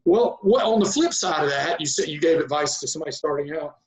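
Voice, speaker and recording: Podcast host guy, kinda high voice, keeps restarting and repeating himself. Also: expressive, low-quality recording. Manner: halting, restarts and repeats words. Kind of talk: podcast interview.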